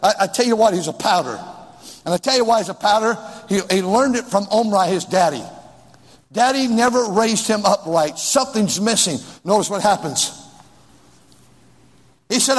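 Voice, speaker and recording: A man's voice: high voice, animated, normal speed, long pauses, breathy edge. A pastor preaching a sermon, reading scripture and pressing his points with emphatic, repeated exhortations. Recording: long church reverb.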